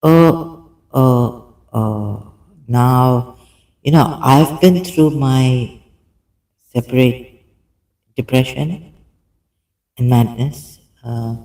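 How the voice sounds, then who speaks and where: Man, gravelly, very slow, hesitant reading with commentary, many fillers. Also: mid-range voice, darkish tone, rough recording. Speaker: video commentator. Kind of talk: halting reading aloud with commentary.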